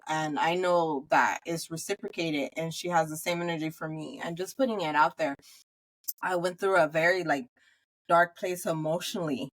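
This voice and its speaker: A woman's voice: on the low side, normal speed. A young woman talking candidly on a podcast, swearing freely and fighting back tears as she speaks about friendship. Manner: candid, profane, tearful at times, quoting herself loudly. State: close to tears. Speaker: podcast co-host. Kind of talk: emotional casual chat.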